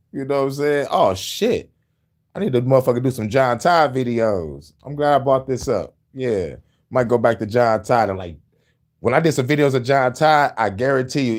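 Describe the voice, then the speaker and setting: Laughing, profane middle-aged male host. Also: medium pitch. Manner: profane, laughing, loose rambling riffs. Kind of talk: casual chat.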